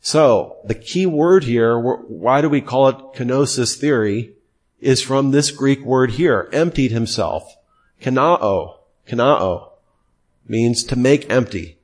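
A middle-aged man teaching a theology class at a steady middle pitch. He quizzes his listeners with pointed questions and repeats key terms for emphasis. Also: takes it slowly.

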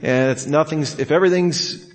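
A man's voice: a little high, normal speed. A man teaching a class on how to preach, talking casually, joking and acting out quotes. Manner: casual, jokey, acts out quotes with laughs. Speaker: Bible teacher. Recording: long hall reverb.

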